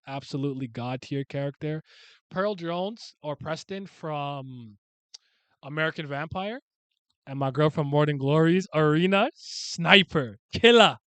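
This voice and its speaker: A young man casually rambling through a ranked list of characters, swearing freely and breaking into sudden loud shouts. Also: medium pitch, smooth, no room sound. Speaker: streamer ranking favorite comic and anime characters. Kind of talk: casual unscripted commentary.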